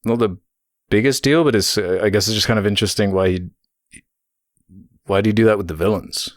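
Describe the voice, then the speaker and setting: A man's voice: on the low side, fairly quick, no room sound, clean studio sound. A man co-hosting a podcast in casual chat, laid-back and hesitant, hedging his points. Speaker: podcast co-host.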